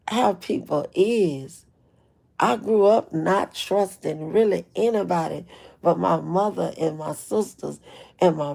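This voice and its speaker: Blunt gravelly-voiced woman live streaming. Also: fairly low pitch, mellow. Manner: blunt, emphatic, repeats herself; greets chat viewers by name. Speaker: livestream host. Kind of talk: casual live-stream commentary.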